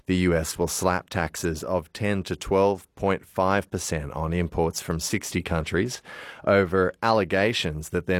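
A man reading a radio news bulletin in a steady, formal delivery. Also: low voice, no echo, studio quality. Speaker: newsreader.

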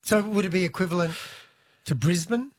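Male radio host, high voice, playful teasing banter. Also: brisk. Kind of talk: casual radio chat.

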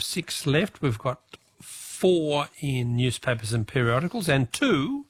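A man with an Australian accent hosting a talkback radio quiz, brisk and friendly, reading questions and calling out listeners' answers. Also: medium pitch, slightly rough, no room sound.

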